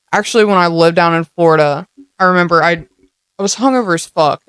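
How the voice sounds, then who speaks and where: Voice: medium pitch, a bit bright, clear, resonant tone, dry recording, studio quality. A young adult podcast host giving a casual motivational monologue, blunt and heavily profane, full of streetwise slang.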